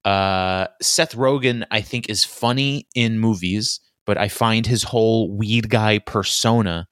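A man's voice: lowish voice, unhurried, fairly bright tone, clear, resonant tone, no room sound, studio quality. A young man ranting casually and sardonically, swearing a lot as he rambles on. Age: young adult. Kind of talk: casual solo rant.

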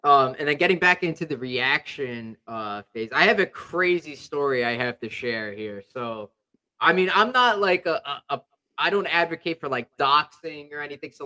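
A man's voice: medium pitch, sharp tone, low-quality recording. A man hosting a sports podcast, telling a story. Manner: rambling storytelling with many fillers. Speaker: podcast host. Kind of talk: casual sports chat.

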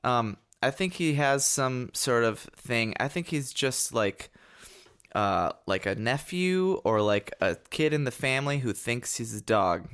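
Male co-host, mid pitch, casual, rambling and hesitant. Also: expressive, unhurried, a bit bright, clear, resonant tone. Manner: rambling, hesitant, many fillers. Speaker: podcast co-host. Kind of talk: casual chat.

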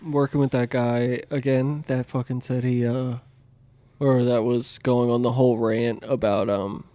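A man in a casual chat, telling work stories with lots of swearing and laughter, acting out coworkers in loud high voices. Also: flat delivery, measured pace, dry recording. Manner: storytelling, acts out coworkers with loud high quotes, laughs a lot, swears freely.

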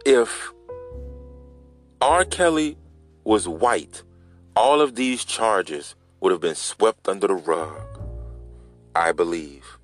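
A man's voice: sits low, animated, slow pace, long pauses, soft background music. A man hosting a casual solo podcast, telling a story in a loose, rambling way and talking straight to his listeners. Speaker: podcast host.

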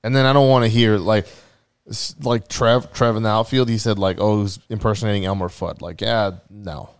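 A man's voice: fairly low pitch, fairly even intonation, moderate pace, smooth. A man co-hosting a podcast, chatting loosely with lots of fillers and swearing. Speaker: podcast co-host. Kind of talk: casual chat.

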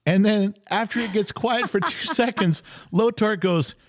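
A middle-aged man hosting a podcast, telling a story in casual chat with animated, exasperated delivery. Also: high voice, unhurried. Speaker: podcast host. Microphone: studio podcast mic.

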